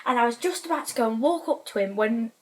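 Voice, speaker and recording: Vlogger, fairly high voice, excitable and rambling. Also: female voice, fast talker. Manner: rambling, excitable, many restarts. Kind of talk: casual vlog storytelling.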